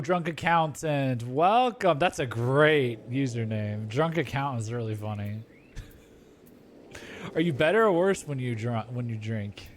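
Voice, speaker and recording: A man's voice: medium pitch, slight background noise. A man streaming a video game, chatting casually, reacting aloud and talking to his viewers. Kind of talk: casual gaming commentary.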